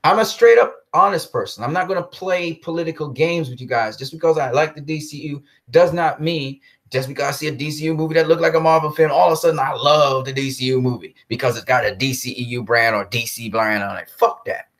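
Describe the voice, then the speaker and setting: A man's voice: a little high, a little fast, hardly any pauses, fairly bright tone. A man delivering a blunt, profane movie-commentary rant, repeating himself for emphasis. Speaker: commentary host. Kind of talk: ranting film commentary vlog.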